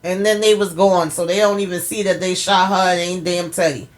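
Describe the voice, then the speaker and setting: A woman casually recapping a TV episode for her viewers, animated and chatty, acting out characters' lines. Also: fairly quick. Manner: animated storytelling, acts out characters' lines with pitch jumps; chatty, addresses viewers as y'all. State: tired. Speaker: TV recap host.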